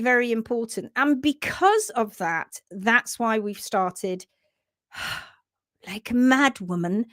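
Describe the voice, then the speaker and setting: Recorded with studio quality and no echo, this British woman's fairly high voice carries her live stream for horse owners. She reads out comments from viewers and talks with earnest animation, breaking into abrupt whispers and laughter.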